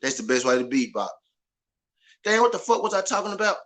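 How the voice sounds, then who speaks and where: Loud, ranting man with a bright, high voice. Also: very animated, a little fast. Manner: loud, passionate, profane, repetitive. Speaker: boxing podcast host. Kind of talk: animated ranting commentary.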